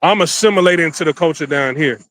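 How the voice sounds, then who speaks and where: A man's voice: fairly high pitch, fast talker, a bit bright, a little hiss or hum. A man vlogging a casual, rambling story, crude and repetitive as he talks.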